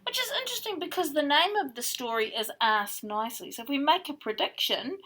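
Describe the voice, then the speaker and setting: A woman teacher reading a picture book to young children in an expressive storytelling manner. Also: high voice, breathy edge.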